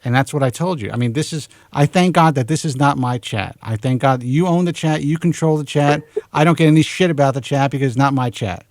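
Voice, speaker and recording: A man's voice: medium pitch, a little fast, hardly any pauses, no room sound, clean studio sound. A male radio host taking calls in casual, blunt banter, often restarting his sentences. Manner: blunt, swears, restarts a lot.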